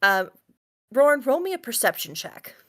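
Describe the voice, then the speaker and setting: A woman's voice: on the high side, big pitch swings, moderate pace, fairly bright tone. A woman narrating as game master for a tabletop game, rambling with many fillers and frequent laughs.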